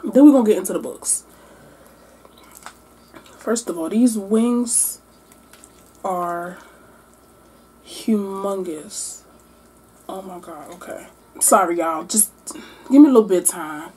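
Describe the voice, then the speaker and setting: A woman doing a mukbang-style book wrap-up, animated and exclamatory as she talks between bites. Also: medium pitch, slow pace, long pauses, slightly rough. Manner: animated, exclamatory, talking while eating. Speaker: book vlogger.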